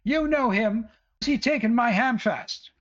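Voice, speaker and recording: A man voicing an angry middle-aged mother who scolds in a high, rustic voice. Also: a little slow, a bit bright. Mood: angry, scolding. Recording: dull lo-fi audio.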